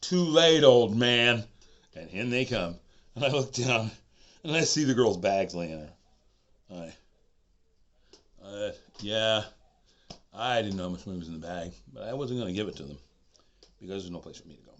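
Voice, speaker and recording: A man in his sixties telling a personal story, swinging from loud outbursts to whispers. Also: lowish voice, normal speed, pauses often. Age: 60s. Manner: animated, swings from shouting to whispering. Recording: dull lo-fi recording with faint noise.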